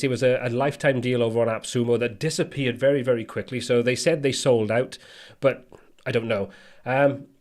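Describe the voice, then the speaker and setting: A man's voice: mid-range voice, darkish tone. A man hosting a live stream, chatting casually and reading viewer comments aloud. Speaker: livestream host.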